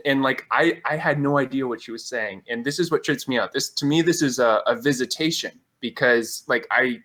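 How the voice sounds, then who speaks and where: Guy guest on a call-in show, rambling, says "like" constantly, ordinary middle pitch. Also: pushed and bright. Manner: rambling, heavy use of "like" fillers. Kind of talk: casual storytelling on a call-in show.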